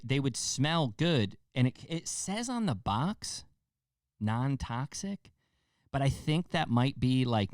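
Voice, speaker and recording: A man's voice: medium pitch, no room sound, clean studio sound. A young man hosting a podcast, rambling and joking casually with plenty of profanity. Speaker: podcast host. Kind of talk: casual monologue.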